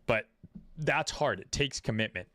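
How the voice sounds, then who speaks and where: A man's voice: medium pitch, lively intonation, measured pace, fairly bright tone, no echo. A man giving casual, profane, laid-back commentary on trading charts during a livestream, with many fillers. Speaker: trading streamer.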